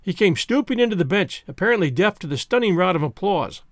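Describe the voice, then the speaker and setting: A man reading a story aloud in first-person narration, lively and expressive. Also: high-pitched, quick pace, no room sound, clean studio sound. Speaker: audiobook narrator.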